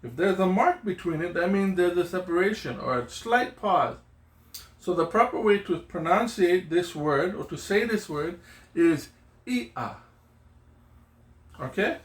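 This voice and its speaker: A man's voice: sits high, expressive, normal speed. A middle-aged man teaching children Hawaiian pronunciation, patiently repeating each word and checking in with "okay?" and "yeah?". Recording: echoey room.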